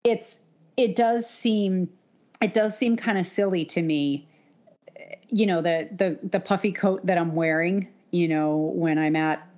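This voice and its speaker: On dull lo-fi audio, a middle-aged podcast co-host chats away, laughing frequently and slipping into mock voices. She speaks at a measured pace with a lowish, somewhat dark voice.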